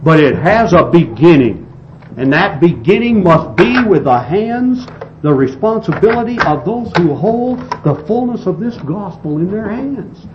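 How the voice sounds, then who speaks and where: Slightly high-voiced preacher, lo-fi tape. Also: male voice, sing-song. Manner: slow, emphatic delivery with restarts. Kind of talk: sermon reading and expounding scripture. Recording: dull lo-fi recording with faint hiss.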